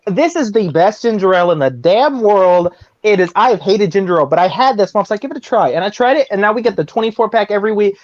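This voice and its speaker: A guest from the United States joins the chat, joking and animated. His pitch swings widely as he talks, and the remote audio sounds dull and lo-fi. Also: fast, hardly any pauses, no echo. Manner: animated, jokey. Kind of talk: casual chat.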